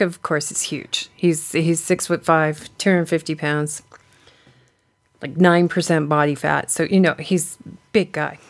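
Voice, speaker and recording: A woman co-hosting a podcast, telling stories in a rambling, chatty way during casual conversation. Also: fairly low pitch. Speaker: podcast co-host. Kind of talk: casual chat.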